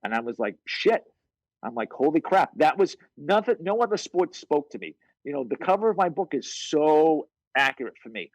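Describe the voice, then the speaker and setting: A man, a podcast guest telling stories from his life in a blunt, animated, profane way over a video call. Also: on the high side, brisk, no room sound, low-quality recording. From North Shore of Boston, USA. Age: 50s. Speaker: podcast guest, fitness coach. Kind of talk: casual storytelling chat.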